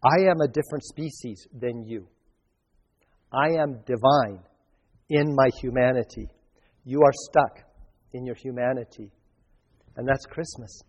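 A man's voice: medium pitch, a little mellow, husky, muffled recording. A male pastor giving a sermon in a conversational, storytelling way, with frequent restarts. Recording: long reverb.

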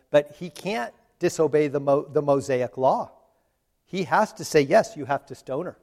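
A man giving a conversational sermon, slowing down for emphasis and laughing at his own asides. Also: on the high side, darkish tone. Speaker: preacher. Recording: long hall reverb.

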